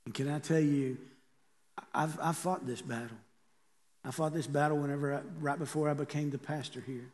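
A man's voice: fairly high pitch, fairly even intonation, normal speed, darkish tone. Man preaching a conversational sermon. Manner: conversational preaching with rhetorical questions. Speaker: pastor.

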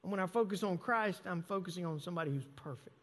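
Pastor, male, high voice, emphatic sermon delivery with repeated phrases, in a reverberant church hall. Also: fast, a bit bright. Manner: emphatic, repeats phrases and stresses key words. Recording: long reverb of a large hall.

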